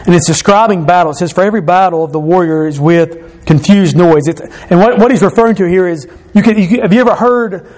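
A man preaching a sermon, explaining scripture verse by verse and repeating key phrases, slowing and dropping his voice for emphasis. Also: sits high, darkish tone. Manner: slows and drops his voice for emphasis.

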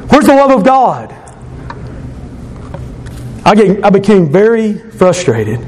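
A man with a notably high voice gives a personal testimony, earnest and heartfelt. He leans on repeated words to drive his points home, with a faint hum of ambience behind him. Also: big pitch swings, slow pace, darkish tone. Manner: earnest, repeats phrases for emphasis. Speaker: speaker giving a testimony.

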